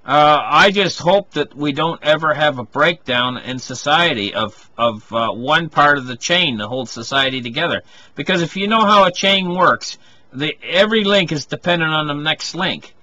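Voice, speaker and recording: A man's voice: on the high side, lively intonation, moderate pace, pushed and bright, no echo, dull audio. A man giving a rambling monologue, circling back with restarts and frequent asides. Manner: rambling, full of restarts and "you know".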